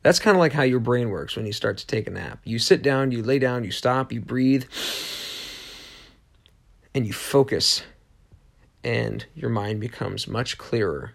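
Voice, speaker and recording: A man's voice: medium pitch, expressive, a little slow, vocal fry, long pauses. A man hosting a solo motivational podcast, talking earnestly in a rambling way, often restarting and repeating short emphatic affirmations. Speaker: podcast host.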